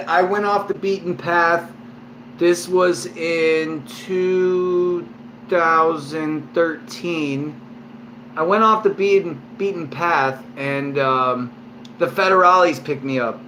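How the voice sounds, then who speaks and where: A man's voice: fairly high pitch, fairly bright tone, slight background noise. Tipsy man swearing through a rambling story. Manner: rambling and heavily profane, lots of fillers. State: a little drunk. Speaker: vlogger. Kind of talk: casual storytelling to camera. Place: at home, indoors.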